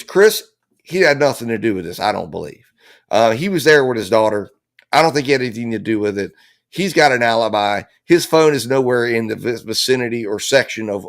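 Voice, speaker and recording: A man commenting live on a murder trial, building his theory with heat and acting out the lines he imagines people saying. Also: mid-range voice. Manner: impassioned, theorizing, acts out quoted lines. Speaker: true-crime trial commentator.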